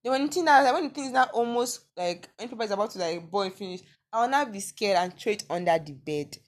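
A young Nigerian woman talks through her podcast, reading listener confessions aloud. Her reactions are big and incredulous, and she jumps between exclamations, laughs and mock scolding at a mid-range pitch. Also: animated, fast talker. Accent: Nigerian, Yoruba-inflected. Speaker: podcast host. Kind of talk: casual solo podcast reading listener messages.

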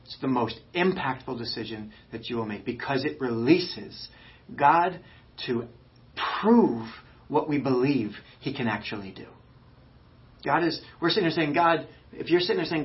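A male pastor preaching a fired-up, emphatic sermon, swinging between loud urging and quiet, intimate stretches. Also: mid-range voice, moderate pace, muffled recording.

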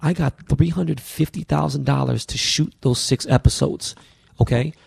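A man from the US West Coast, a podcast guest, telling stories in an animated, profane, slang-heavy way. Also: medium pitch, moderate pace, creaky, husky, dry recording, studio quality. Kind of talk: casual storytelling interview.

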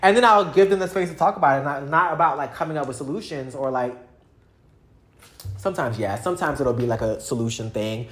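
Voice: medium pitch, fairly quick, echoey room. Young adult vlogger, loose rambling chat, heavy on slang and "like". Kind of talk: casual rambling monologue.

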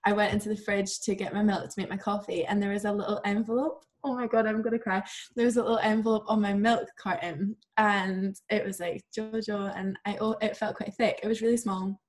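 A woman's voice: mid-range voice, flat delivery, brisk. A young woman, telling a story in casual podcast chat, gushing and filler-heavy. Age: young adult. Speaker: podcast co-host. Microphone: remote video call.

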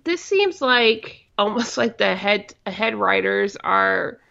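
A woman co-hosting a casual chat about a comedy show, opinionated and animated, often exasperated. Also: mid-range voice, slow pace, creaky. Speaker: podcast co-host. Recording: dull lo-fi sound.

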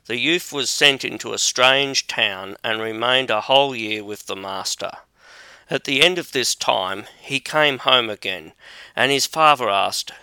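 A man reading a fairy tale aloud as an audiobook narrator, measured and deliberate, on a close mic. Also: mid-range voice, pushed and bright, clean tone, no echo. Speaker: audiobook reader. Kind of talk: scripted storybook narration.

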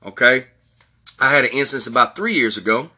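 A man in his forties with a drawl holds forth in a heated, blunt monologue, cussing freely. His voice is bright and forward, with a husky edge. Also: mid-range voice, expressive, quick pace. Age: 40s. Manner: blunt, profane storytelling. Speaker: podcast host.

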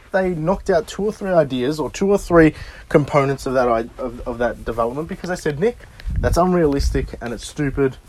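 A young man hosting a podcast, giving direct, lively advice in a casual monologue while a little out of breath. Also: on the high side. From Australia. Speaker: podcast host.

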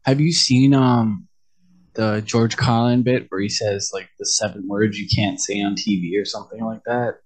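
A married man, a guest on a podcast, chatting in a relaxed way and laughing easily. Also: lowish voice, normal speed. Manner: laid-back, easily amused. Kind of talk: casual chat.

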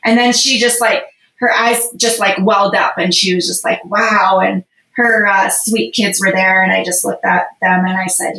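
A woman's voice: mid-range voice, fairly even intonation, normal speed, gravelly, pushed and bright. A woman guest on a podcast, telling a personal story in a casual, rambling way with lots of fillers. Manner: rambling, emotional, heavy on fillers. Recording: roomy echo.

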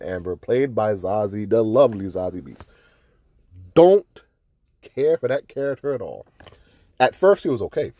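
A man's voice: fairly low pitch, warm tone. A man hosting a podcast and giving a casual review, swearing freely and getting heated as he rants. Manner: profane, ranting, growing heated. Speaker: podcast host.

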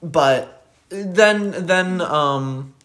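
A young man co-hosting a podcast in casual chat, speaking haltingly with many ums and restarts. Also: sits high, a bit bright, a little hiss or hum. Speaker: podcast co-host.

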